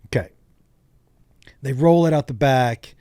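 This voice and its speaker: A comedian guest on a podcast, telling profane stories in lively, casual chat. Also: male voice, medium pitch, measured pace, no room sound, clean studio sound.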